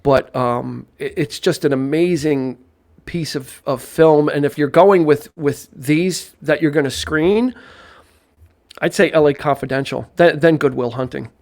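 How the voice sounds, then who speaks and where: A man's voice: a little high, a little slow, darkish tone. A man co-hosting a live-streamed film podcast, chatting casually in a rambling way with many restarts and playful jokes. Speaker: podcast co-host. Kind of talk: casual live-stream chat about films.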